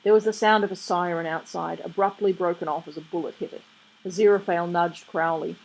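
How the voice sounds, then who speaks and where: A woman reading a novel aloud in a steady storytelling way. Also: on the low side, fairly quick, vocal fry, rough recording. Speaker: reader. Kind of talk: audiobook reading.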